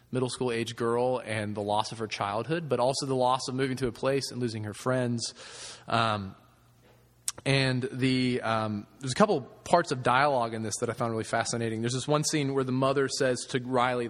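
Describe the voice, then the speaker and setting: A man's voice: medium pitch, fairly bright tone. A man preaching a sermon in a casual, conversational way, with filler words. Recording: echoey hall with long reverb.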